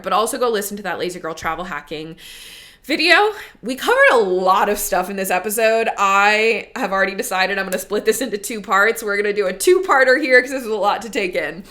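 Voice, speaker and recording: Bright-voiced chatty woman podcast host. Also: medium pitch. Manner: chatty, upbeat, with frequent likes and rights. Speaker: podcast host and money coach. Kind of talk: casual solo podcast talk.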